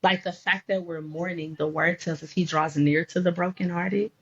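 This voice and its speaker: A woman's voice: lowish voice, fairly even intonation, normal speed, husky. A woman life coach talking about faith and grief in an emphatic, preacherly storytelling way. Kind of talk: faith-based conversation. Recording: dull lo-fi sound.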